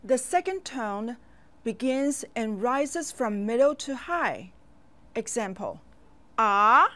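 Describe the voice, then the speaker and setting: Very slow, patient woman teacher. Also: a little high. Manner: slow, clear teaching voice, pausing for the listener to repeat. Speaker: language teacher. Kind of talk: children's language lesson.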